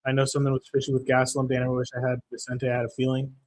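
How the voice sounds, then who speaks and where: A man's voice: mid-range voice, completely flat delivery, racing. Profane, fed-up young male streamer. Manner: profane, frustrated ranting; reads chat comments aloud. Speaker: livestream host. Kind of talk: live fight-watching stream commentary.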